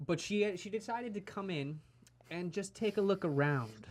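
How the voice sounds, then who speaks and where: A man's voice: high-pitched, animated, normal speed, over a noisy crowd. Rambling young man telling a story. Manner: rambling, restarts lines with lots of "like". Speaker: podcast co-host. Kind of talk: casual storytelling chat.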